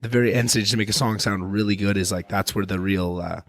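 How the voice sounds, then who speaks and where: A man hosting a podcast, talking in a loose, rambling, animated way and swearing freely. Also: on the low side, fast. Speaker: podcast host. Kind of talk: casual podcast chat.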